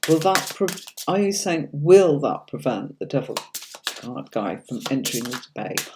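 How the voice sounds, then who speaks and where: A woman's voice: extremely low pitch, very animated, normal speed, background noise. A middle-aged woman giving casual tarot readings on a livestream. She chats to viewers, reads out their comments and answers them by name, often calling them darling or sweetie. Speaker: tarot reader hosting a livestream.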